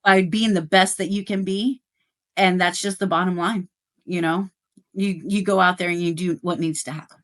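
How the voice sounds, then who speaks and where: A middle-aged woman, a guest on a podcast, telling work stories in animated casual chat with plenty of fillers. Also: fairly low pitch, moderate pace. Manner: animated storytelling, rising excitement, many fillers. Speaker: guest, dealership service manager.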